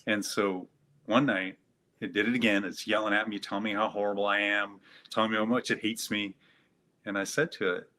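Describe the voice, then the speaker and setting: A man talking in a reflective interview, gentle and searching, posing questions to himself. His voice sits a bit low, with frequent fillers and restarts. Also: steady tone, a little fast. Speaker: guest psychotherapist.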